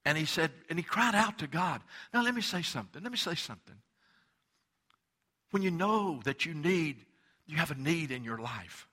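A man preaching a sermon as pastor, going from quiet explanation to loud, impassioned preaching. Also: a little high, expressive, a little slow, long pauses, breathy edge.

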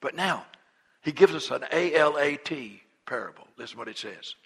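Bright, husky-voiced male preacher. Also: a little high, lively intonation, moderate pace. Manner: folksy storytelling, retelling a parable in everyday talk; repeats and restarts words. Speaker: pastor. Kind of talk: sermon.

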